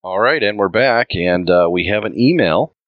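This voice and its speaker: A man hosting a casual podcast, easygoing and quick to laugh, with lots of fillers as he reads a listener email. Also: on the low side, lively intonation, no room sound, dull audio. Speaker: podcast host.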